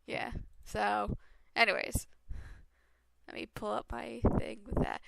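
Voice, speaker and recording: A woman's voice: on the high side, little pitch movement, slow pace, creaky, noisy background. A woman hosting a game playthrough, chatting casually and giggling often. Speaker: let's play host. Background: game music.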